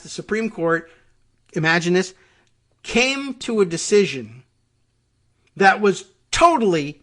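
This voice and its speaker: A man with a higher-than-usual voice hosts a political podcast. He talks through the news in a sarcastic, mocking monologue, slipping into put-on voices of the people he criticizes. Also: sharp tone. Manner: sarcastic, mocks opponents with put-on quotes. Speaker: podcast host.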